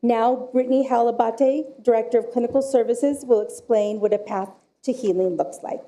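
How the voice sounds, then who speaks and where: Woman speaker at council podium, higher bright tone, measured storytelling. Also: fairly even intonation. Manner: slow, measured storytelling delivery. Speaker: director of forensic services. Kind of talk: prepared public comment at council meeting.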